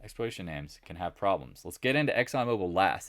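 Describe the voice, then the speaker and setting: Fast and animated, this man's low, fairly bright voice runs through a lighthearted trading recap over charts, addressing viewers directly and responding to questions he pictures them raising. He's a market analyst host, recorded with clean studio sound and no room echo.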